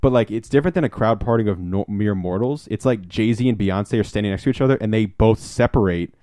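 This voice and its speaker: A man co-hosting a podcast, telling a rambling, excitable anecdote in casual chat and swearing now and then. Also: on the low side, a little fast, no echo, studio quality. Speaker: podcast co-host.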